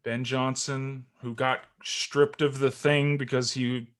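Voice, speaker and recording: A man, co-hosting a casual sports podcast, telling stories in an animated way and laughing often. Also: mid-range voice, takes it slowly. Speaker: co-host.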